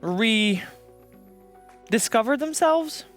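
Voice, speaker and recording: A woman hosting a live esports analysis desk, brisk and joking as she keeps the show moving. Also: a little high, expressive, soft background music. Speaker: esports broadcast host.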